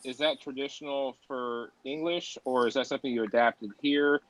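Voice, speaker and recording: An American man asking questions in a casual interview, halting and hesitant, with many uhs. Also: mid-range voice, steady tone, low-quality recording. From United States. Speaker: interview co-host.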